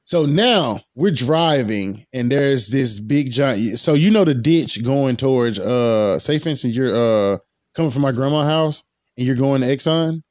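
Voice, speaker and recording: A young man in his twenties telling a story in a casual, animated way, full of profanity and slang. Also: medium pitch, unhurried, dry recording, clean studio sound.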